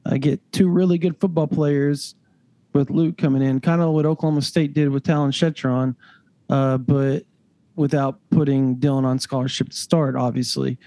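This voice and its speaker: A young man co-hosting a casual sports podcast, rambling with lots of fillers and getting animated when excited. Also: mid-range voice, moderate pace, no echo. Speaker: recruiting analyst co-host.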